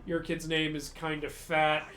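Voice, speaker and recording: A man streaming a video game with a friend and chatting casually. He tells stories in an animated way and laughs often. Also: on the high side, measured pace, noisy background. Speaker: streamer and host. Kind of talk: casual gameplay commentary.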